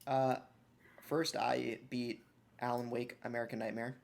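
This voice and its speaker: A man's voice: mid-range voice, flat delivery, a little slow, vocal fry. A man co-hosting a gaming podcast, chatting casually with dry, wry remarks. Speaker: podcast co-host. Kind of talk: casual chat.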